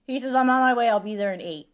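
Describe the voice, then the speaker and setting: Profane laughing woman podcast host. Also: fairly high pitch. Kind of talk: casual chat.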